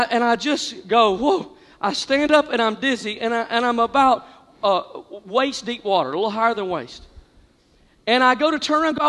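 A man doing stand-up, telling a long story in an animated, exaggerated way, jumping from loud bursts to hushed asides. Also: very high-pitched, long reverb tail. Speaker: comedian.

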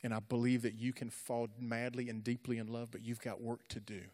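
A man's voice: medium pitch, flat delivery, a little fast, darkish tone. A middle-aged man preaching to young people in an earnest, repetitive, conversational way. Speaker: youth pastor. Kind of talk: sermon. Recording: echoey hall.

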